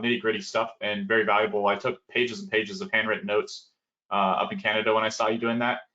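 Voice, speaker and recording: A man's voice: on the low side, bright, forceful tone. A male host on a video call asking a guest a long, rambling question full of fillers. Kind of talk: casual webinar talk. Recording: dull lo-fi call audio.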